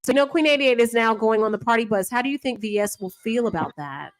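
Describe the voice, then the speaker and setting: A woman with a fairly high voice rambles through gossip recaps, full of pauses and filler words. Her voice sounds dry and close to the mic. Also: dry recording, rough recording. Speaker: co-host. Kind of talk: casual gossip chat.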